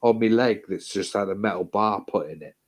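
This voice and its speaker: A man's voice: on the low side, brisk, a crowd in the background. A man telling a hospital story in casual chat, swearing freely, repeating himself and acting out what people said.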